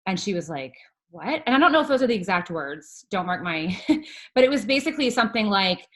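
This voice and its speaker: A woman's voice: medium pitch, expressive, quick pace. A woman casually presenting a recap to her team over a video call, chatty and rambling with lots of fillers.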